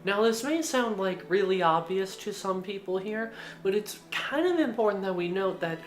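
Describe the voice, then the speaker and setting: A woman's voice: mid-range voice, animated, normal speed. A woman narrating a video essay in a casual way, with lots of filler words. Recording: roomy echo.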